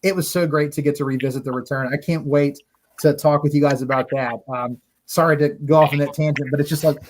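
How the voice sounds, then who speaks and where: A man's voice: on the high side, steady tone, fast, a little hiss or hum, rough recording. A man chatting casually as a podcast co-host, gushing and emotional, often stammering and restarting his sentences. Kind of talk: casual enthusiastic chat.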